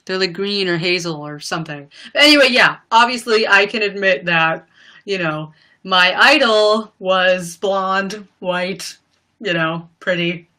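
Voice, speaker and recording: A woman's voice: mid-range voice, measured pace, bright, forceful tone. A young woman chatting casually on a live stream, gushing and rambling with lots of "like" and "you know.". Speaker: livestreamer.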